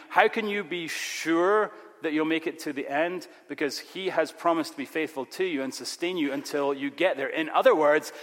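A male pastor preaching a sermon, emphatic, with sudden loud rises on key words. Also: mid-range voice. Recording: long reverb of a large hall.

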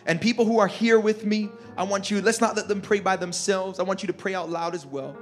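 Fervent high-voiced male pastor. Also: steady tone, brisk, faint music behind. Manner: fervent, repetitive, builds to shouts. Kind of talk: altar call and sermon closing. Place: large church auditorium.

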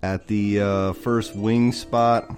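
A man's voice: fairly low pitch, takes it slowly, soft background music. A man co-hosting a casual sports chat, steadily running through his picks and prices. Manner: steady, methodical, lists players and prices. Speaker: co-host picking fantasy lineups.

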